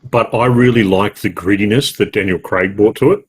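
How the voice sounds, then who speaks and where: Aussie guy on a gaming podcast, low husky voice, rambly and jokey. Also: a little fast. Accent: Australian. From Australia. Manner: rambling, self-correcting, jokey. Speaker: podcast co-host. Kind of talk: casual chat.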